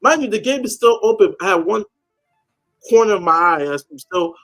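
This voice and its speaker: A man's voice: sits high, animated, moderate pace, fairly bright tone, faint music behind. A man chatting casually on a call-in show, telling a story animatedly and acting out the people he quotes. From United States.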